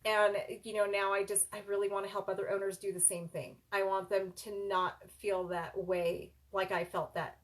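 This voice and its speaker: A woman's voice: medium pitch, level tone, moderate pace, few pauses. A middle-aged woman, a child care business coach and center owner, earnestly telling a personal story straight to her viewers, calling them "you guys.".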